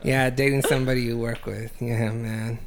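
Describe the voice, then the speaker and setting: A man's voice: medium pitch, flat delivery, moderate pace, very noisy. A man hosting a casual podcast chat, prodding his guests with questions, joking and swearing freely. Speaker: podcast host.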